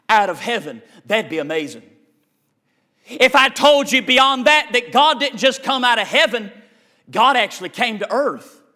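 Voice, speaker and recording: A man preaching a sermon, folksy and rhythmic, building to shouted, chanted peaks. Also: very high voice. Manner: folksy, calls listeners honey.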